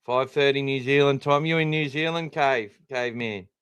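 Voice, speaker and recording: A man's voice: mid-range voice, normal speed, fairly bright tone, clean tone, no room sound. A man with an Australian accent hosting a live sports podcast in a casual, rambling way, poking fun at himself. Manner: chatty, rambling, self-deprecating. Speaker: podcast host. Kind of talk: casual live-stream chat.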